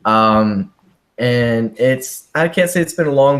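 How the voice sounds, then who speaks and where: A young man, still a student, hosting a casual interview in a relaxed, hesitant way with lots of ums. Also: on the low side, measured pace. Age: young adult. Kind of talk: casual chat.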